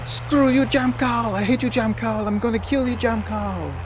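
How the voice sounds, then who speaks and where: A furious male hater shrieks in a piercing, very high voice. Loud game noise runs behind him. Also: normal speed. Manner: shrill, ranting threats.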